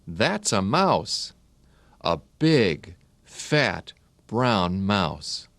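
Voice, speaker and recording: A man with a low voice narrates a children's learning video, spelling out each word one letter at a time. He speaks very slowly, with a lively, bouncing pitch. The recording is dry and close. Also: vocal fry, no echo. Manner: slow, spells words letter by letter, friendly questions. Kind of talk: scripted narration.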